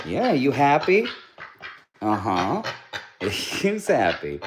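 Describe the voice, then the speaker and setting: A man's voice: medium pitch, sing-song, extremely slow, pauses often, background noise. A man hosting a casual livestream, cooing to his pet duck in baby talk and thanking viewers for their comments. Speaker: livestream host.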